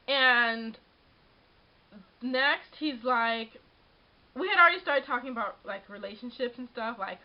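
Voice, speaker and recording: A young woman telling a story in a casual vlog, animated and exasperated, breaking into laughs and filling her talk with "like". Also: fairly high pitch, muffled recording. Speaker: vlogger.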